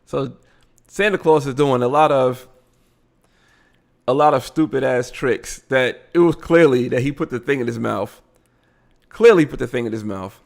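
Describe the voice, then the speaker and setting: A man's voice: medium pitch, normal speed, gravelly, long pauses, slight background noise. A man hosting a live show, giving blunt, casual commentary on a video he is watching. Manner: animated, blunt, frequent laughing asides.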